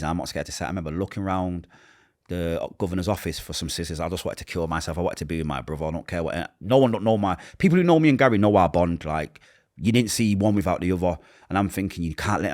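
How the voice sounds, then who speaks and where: A deep-voiced man with a Manchester accent, telling his own story at a quick, pressing pace. He slips into the voices of the people he quotes and goes quiet and low when the memories hurt most. The delivery is raw and unscripted, an interviewee speaking from lived experience. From Manchester, England. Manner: acts out quoted voices, drops to a hush at painful moments. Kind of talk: emotional personal storytelling.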